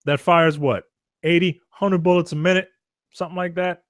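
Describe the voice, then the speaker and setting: A man's voice: sits high, steady tone, moderate pace, no echo. A man co-hosting a podcast, trading wry jokes in a casual film discussion. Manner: wry joking asides, dry delivery. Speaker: podcast co-host.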